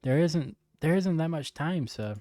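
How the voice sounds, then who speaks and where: A man's voice: on the high side, animated, a little slow, warm tone, no echo, studio quality, voice pushed up. A man voicing a prickly teen girl, reading her lines in a huffy, bratty way. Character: prickly teen girl, snappish but shy.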